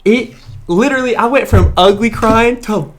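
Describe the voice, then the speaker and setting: A young man, a podcast guest, telling a personal story in casual chat, animated and often laughing. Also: very high-pitched, moderate pace.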